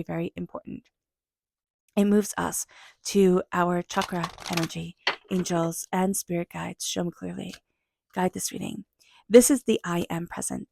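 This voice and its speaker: Tarot reader, female, earnest and reflective, gravelly low voice. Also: darkish tone, dry recording, studio quality. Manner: earnest, reflective, speaks to viewers directly. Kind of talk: intuitive tarot reading.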